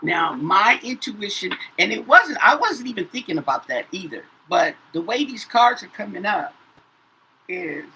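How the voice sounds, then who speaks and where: A woman's voice: mid-range voice, big pitch swings, moderate pace, pushed and bright, slight background noise, poor audio. Chatty woman reading tarot cards. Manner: says "okay?" after nearly every phrase, repeats herself. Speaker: tarot reader. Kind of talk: casual tarot reading to viewers.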